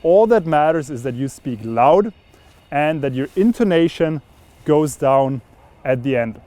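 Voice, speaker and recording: A man's voice: a little high, animated, measured pace, warm tone, no echo. A young man coaching viewers straight to camera, upbeat and instructive as he explains a voice exercise. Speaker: voice and communication coach. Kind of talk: direct-to-camera teaching.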